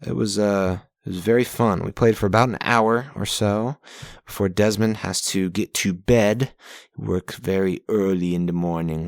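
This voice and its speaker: A man's voice: sits low, fairly even intonation, normal speed, creaky, darkish tone, no room sound, studio quality. A young man hosting a podcast from home on a pop-filtered mic, recapping his journal week in a casual, sarcastic, profane way and getting easily exasperated. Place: home recording setup.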